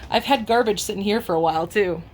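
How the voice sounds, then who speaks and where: A woman talking casually in a home vlog, chatty and offhand, now and then coaxing her dogs in a high voice. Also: quick pace. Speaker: vlogger and pet owner. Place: home, then car and vet office.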